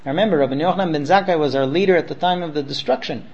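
A man's voice: a little high, very fast, muffled recording. A man teaching students by retelling a story, acting out the characters with frequent fillers. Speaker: Torah teacher.

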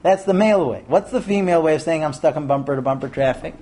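A man teaching a Torah class to a group of men, lively and animated, acting out quoted voices and asking rhetorical questions. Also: a little high, quick pace, hardly any pauses.

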